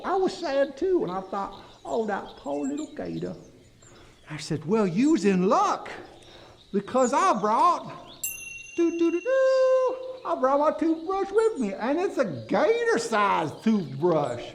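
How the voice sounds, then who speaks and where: A man's voice: very high-pitched, takes it slowly, creaky, heavily acted. A man playing a goofy, folksy backwoods storyteller with a drawl, telling tall tales to children. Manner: drawling, folksy, animated, talks to kids. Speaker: kids' dental educator.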